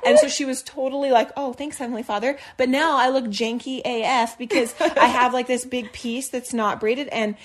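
A woman's voice: sits high, steady tone, normal speed, few pauses. A young woman co-hosting a podcast, telling a long story in casual chat, acting out quotes and laughing often. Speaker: podcast co-host.

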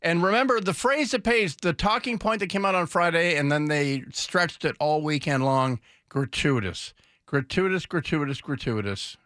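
Male radio host, sarcastic and mocking, with a bright, forceful voice in a dry studio. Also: fairly high pitch, moderate pace, few pauses, no room sound. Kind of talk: casual political commentary.

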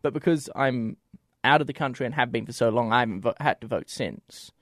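A man's voice: medium pitch, a little fast, a bit bright, no room sound, clean studio sound. A man from Australia with an Australian accent, co-hosting a podcast in earnest, casual chat, often restarting his sentences. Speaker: podcast co-host.

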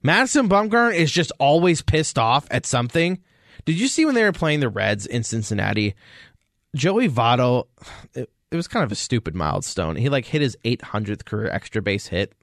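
A man's voice: mid-range voice, brisk, no room sound, clean studio sound. A man co-hosting a casual sports podcast, telling stories with lots of energy and acting out quotes. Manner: animated storytelling, acts out quotes. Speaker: podcast co-host.

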